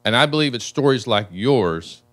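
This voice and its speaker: A man's voice: mid-range voice, expressive, moderate pace, a bit bright. A congressman from the United States speaking earnestly and emotionally at a town hall.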